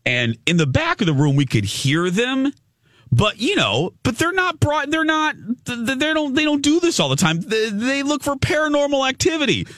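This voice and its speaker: Animated male radio host, lively pitch. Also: moderate pace, dry recording, clean studio sound. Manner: animated storyteller, rambling with restarts. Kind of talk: casual on-air chat.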